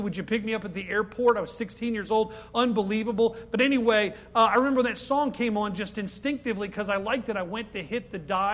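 A middle-aged man preaching a sermon, talking to the congregation with many rhetorical questions and sudden loud, pleading outbursts. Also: sits high.

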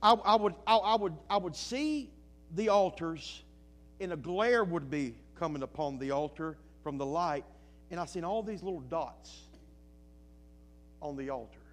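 Preacher guy with a high voice, goes quiet then slows down and hits words hard. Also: animated. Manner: preaching with rising and falling intensity, slow emphatic phrases. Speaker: pastor. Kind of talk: sermon.

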